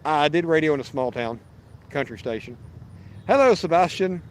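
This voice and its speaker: A man's voice: on the high side, animated, moderate pace, slight background noise. A man, hosting a fishing livestream outdoors and chatting casually, rambling and restarting as he reads viewer messages. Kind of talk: casual live-stream chat. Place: outdoors at a park lake.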